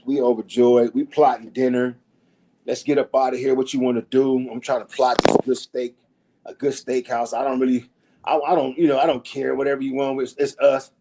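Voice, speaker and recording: A middle-aged man, a podcast guest, telling stories in a loud, profane, animated way and acting out the people he quotes. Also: medium pitch, poor audio. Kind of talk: casual storytelling.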